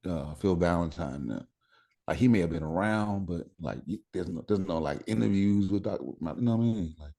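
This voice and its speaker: A man's voice: low voice, brisk, vocal fry, warm tone. A man on a casual podcast panel, talking hesitantly with many fillers and chuckles.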